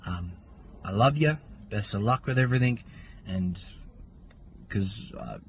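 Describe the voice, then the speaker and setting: A man's voice: on the low side, animated, measured pace, a little hiss or hum. An Australian man recording a farewell message from his car, joking roast mixed with sentiment.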